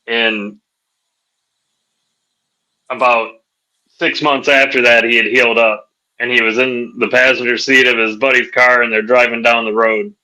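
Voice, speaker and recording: Bright animated man telling a story. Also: measured pace, long pauses, low-quality recording. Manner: animated storyteller, jumps high for quoted voices. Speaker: podcast host. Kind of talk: casual chat, retelling a comedy skit.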